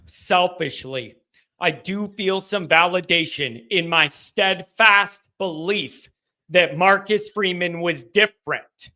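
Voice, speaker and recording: A man hosting a live postgame fan call-in stream, talking emotionally and excitably and sometimes shouting. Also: sits high, takes it slowly. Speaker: host of a fan call-in show.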